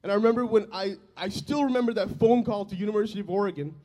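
A man in his twenties preaching a sermon, telling his own testimony in an earnest, emotional way that swells loud and drops soft. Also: sits high, racing. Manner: earnest and emotional, loudness rising and falling.

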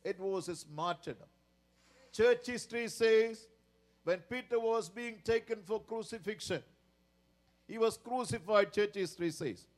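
A man preaching a sermon in a slow, dramatic way, often repeating a stock praise phrase. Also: high-pitched.

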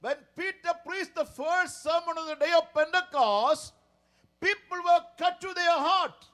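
High voiced preacher guy, slow dramatic sermon. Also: fairly bright tone. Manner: slow, dramatic preaching with repeated "Praise the Lord".

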